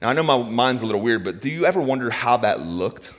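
A man's voice: medium pitch, lively intonation, fast. Man preaching in a reverberant hall. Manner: dynamic preaching, swings between soft asides and raised emphasis. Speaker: pastor. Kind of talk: sermon. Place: large hall with a congregation.

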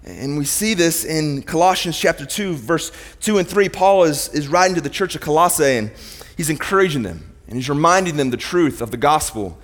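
A man's voice: fairly high pitch, animated, normal speed, a bit bright. A man preaching a sermon in a church, firing rhetorical questions at the congregation as his intensity rises and falls. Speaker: pastor. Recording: long hall reverb.

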